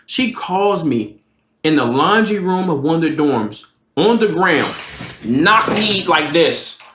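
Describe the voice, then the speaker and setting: Animated slangy young man, roomy sound. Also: fairly high pitch, slow pace. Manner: animated, slangy, swears a lot. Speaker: live streamer. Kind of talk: profane storytime chat. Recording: roomy echo.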